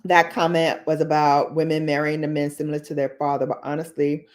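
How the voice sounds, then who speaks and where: A woman's voice: deep voice, flat delivery, brisk. A woman hosting a casual livestream, chatting with viewers in a playful, laughing way and repeating phrases for emphasis. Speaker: beauty livestream host.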